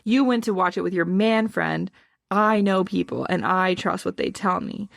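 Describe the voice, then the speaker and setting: A woman's voice: lowish voice, moderate pace, vocal fry. A woman co-hosting a podcast, chatting casually through a book recap, reading passages aloud and laughing often. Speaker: podcast co-host.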